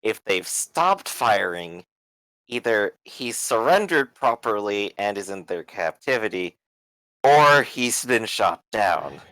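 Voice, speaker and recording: Low voiced guy calmly planning his turn in a tabletop game, dry sound. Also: no echo, poor audio. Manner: measured, deliberate in-character planning. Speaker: player. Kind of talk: tabletop game play over voice chat.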